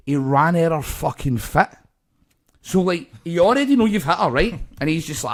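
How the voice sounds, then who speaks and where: A man's voice: sits high, lively intonation, moderate pace, a bit bright. A Scottish man, co-host of a comedy podcast, telling a story in casual chat, swearing a lot and acting out the voices of the people in it.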